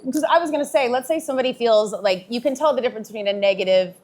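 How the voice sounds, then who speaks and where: A woman's voice: fairly high pitch, very fast, darkish tone. A woman hosting a live convention panel. She asks questions in a casual, chatty way, circling back and restarting mid-sentence. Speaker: radio host moderating the panel.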